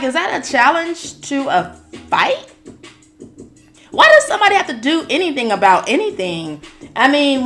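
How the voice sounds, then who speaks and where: A woman's voice: mid-range voice, a bit bright. A woman, chatting casually as a tarot reader and show commentator, with playful asides. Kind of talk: casual chat.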